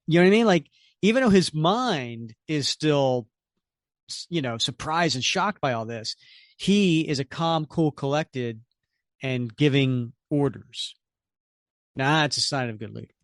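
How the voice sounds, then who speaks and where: Animated man chatting about comics. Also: a little high, a little slow, no echo, clean studio sound. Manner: enthusiastic, animated. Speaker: podcast co-host. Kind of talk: comic book review chat.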